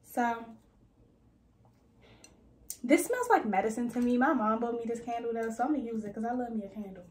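A young woman in her twenties chatting casually in a slangy, animated way while organizing her bathroom. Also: brisk, long pauses, echoey room. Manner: chatty, slangy, animated with sudden high squeals. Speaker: lifestyle vlogger. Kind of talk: casual organizing vlog chat. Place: bathroom at home.

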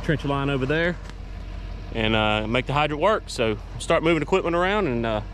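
A man talking casually through a farm vlog outdoors, relaxed and rambling with many fillers. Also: mid-range voice, a little fast, a little hiss or hum. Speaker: farm vlogger.

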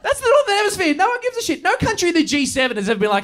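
An Australian man doing a stand-up comedy set, loud and profane, often yelling his punchlines. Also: very high-pitched, wildly swooping pitch, very fast, hardly any pauses. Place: theatre stage before a live audience. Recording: live stage recording with loud crowd laughter.

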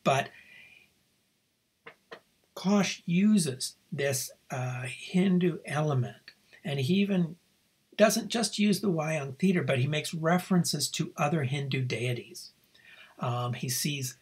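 A man's voice: mid-range voice, husky. A man giving a recorded lecture on a novel, talking through slides in a reflective way with frequent asides. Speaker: literature lecturer.

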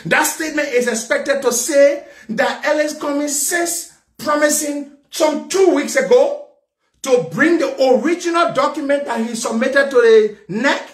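Angry high-voiced male talk show host. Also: roomy sound. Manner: fiery, repetitive, shouting at times. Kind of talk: angry political rant.

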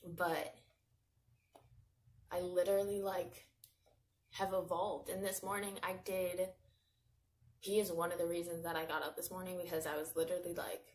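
A woman's voice: fairly low pitch, little pitch movement, normal speed, long pauses, a little mellow, slight background noise. A woman in her twenties talking straight to her viewers in a personal vlog, heartfelt and rambling, leaning on fillers, close to tears with her voice catching. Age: 20s. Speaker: vlogger.

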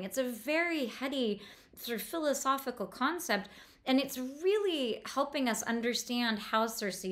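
A woman giving a literary lecture on a novel, thoughtful and enthusiastic, with frequent restarts and fillers. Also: fairly high pitch. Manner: enthusiastic about the prose. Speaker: book lecturer.

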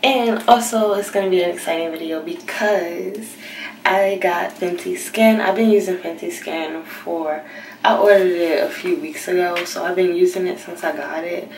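A young woman chats through her nighttime routine in a hushed half-whisper, with a relaxed lilt. Her fairly low voice sits a bit back from the phone mic. The bathroom gives it a noticeable echo. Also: normal speed, slight background noise. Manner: hushed, half-whispering so as not to wake anyone. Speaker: beauty vlogger. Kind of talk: late-night casual vlog. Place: bathroom at home. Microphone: handheld phone camera. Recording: roomy, slightly distant phone audio.

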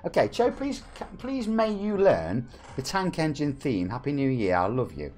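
A very animated English streamer in his 40s keeps up a jokey live-stream chat with his audience, reading their messages out. He speaks at a moderate pace in a medium-pitched voice with a darkish tone.

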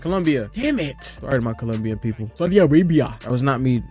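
A man giving casual, swearing commentary while playing a game, squealing and shouting at jumps and singing bits of rap. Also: medium pitch, lively intonation, quick pace, soft background music. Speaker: gaming streamer. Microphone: headset or desk mic with face cam.

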